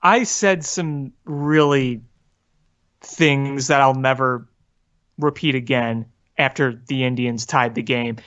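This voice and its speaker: A man's voice: medium pitch, fairly even intonation, slow, fairly bright tone. Earnest man on dull audio. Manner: earnest storytelling, self-deprecating. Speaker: podcast co-host. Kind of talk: casual sports chat.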